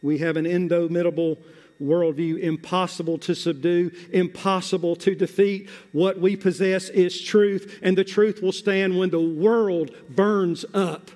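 Impassioned preacher in a reverberant hall. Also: male voice, high voice, steady tone. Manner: building from slow and hushed to loud, rising exhortation; emphatic, drawn-out words and repetition. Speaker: pastor. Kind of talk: sermon.

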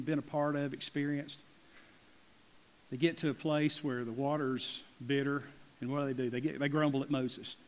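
A man preaching a folksy, emphatic sermon as pastor, rising to loud peaks and dropping to near whispers. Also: medium pitch, in a large hall. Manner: folksy, emphatic preaching with big swings in loudness. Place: church sanctuary.

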